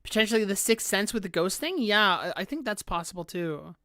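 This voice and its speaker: A woman talking casually to her live-stream audience. She rambles, leans on "like" again and again, and breaks into laughter often. Her voice sits at an ordinary pitch and is recorded dry on a close mic. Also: expressive, fairly quick, pushed and bright, no echo. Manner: rambling, heavy use of "like" fillers, frequent laughter.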